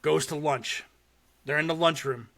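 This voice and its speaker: A young man hosting a podcast, casually and excitedly retelling a short horror film with swearing and laughter. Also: a little high, unhurried, vocal fry. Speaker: podcast host. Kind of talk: casual chat.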